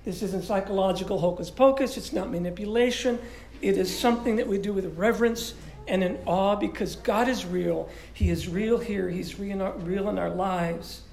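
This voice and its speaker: A man preaching a sermon as pastor, stuffy-nosed and congested, in a lively, conversational way with many restarts. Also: sits high, normal speed, creaky, roomy sound. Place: church sanctuary.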